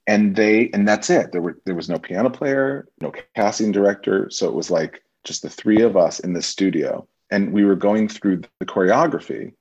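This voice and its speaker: A man guest on a podcast, telling stories from his acting career in a lively, casual way and acting out the people he quotes. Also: lowish voice, normal speed, few pauses, husky. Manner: animated storyteller, acts out quoted voices. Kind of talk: casual storytelling interview. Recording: muffled lo-fi recording.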